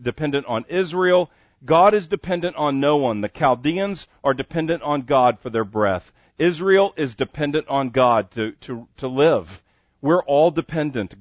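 A man's voice: on the high side, no room sound, highs cut off. A man preaching a sermon, reading scripture aloud and pressing each point with earnest emphasis. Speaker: pastor.

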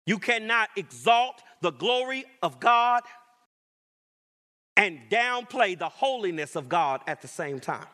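Male pastor, high bright voice, measured sermon delivery with emphatic repetition. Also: animated. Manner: emphatic preaching with repetition and rising declarations.

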